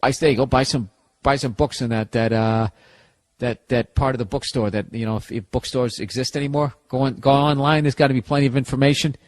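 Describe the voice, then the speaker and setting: A man's voice: medium pitch, steady tone, brisk, no room sound. A man with a Boston accent runs a comedic podcast monologue, riffing through listener problems with sarcasm and constant swearing. His delivery is loose and rambling, with plenty of restarts. The recording is dry and close, with no room sound. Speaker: podcast host. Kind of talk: casual comedic advice monologue. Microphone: podcast studio mic.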